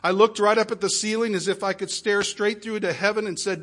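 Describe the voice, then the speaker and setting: A man preaching, retelling an emotional story in the first person, swinging from soft pleading to loud exclamations. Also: sits high, fairly even intonation, fairly quick, few pauses. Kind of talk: sermon storytelling.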